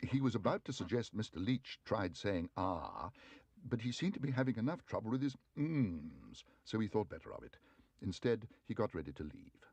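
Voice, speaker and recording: A man narrating a children's storybook aloud in an expressive, measured way, with a husky voice. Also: fairly low pitch, no echo. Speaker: streamer.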